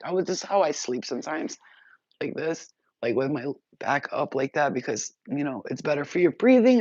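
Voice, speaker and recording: A woman telling spiritual stories in a casual, animated and profane way, often laughing. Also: sits low, dry recording, highs cut off. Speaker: spiritual vlogger. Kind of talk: casual storytelling.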